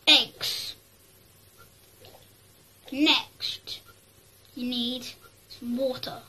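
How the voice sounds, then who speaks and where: Excitable high-voiced girl gamer. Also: slow, pauses often, slightly rough, rough recording. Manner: rambling, excitable, talks to herself. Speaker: gaming YouTuber. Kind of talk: casual gameplay commentary.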